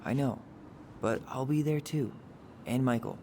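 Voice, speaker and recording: A man's voice: mid-range voice, unhurried, mellow, a little hiss or hum, natural voice. An actor voicing a wry, sarcastic young man in a video game, with a dry joking delivery. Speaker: game character. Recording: game audio with clear music behind.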